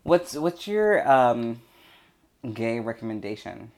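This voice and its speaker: A man's voice: medium pitch, big pitch swings, slow pace, a little mellow. A man in casual chat, mostly giving short dry reactions and questions.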